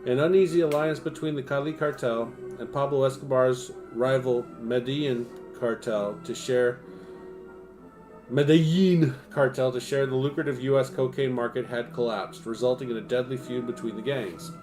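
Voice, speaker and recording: A man's voice: mid-range voice, fairly even intonation, normal speed, darkish tone, faint music behind. A man on a home livestream reading nonfiction aloud and breaking off into profane, self-mocking asides. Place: home streaming setup.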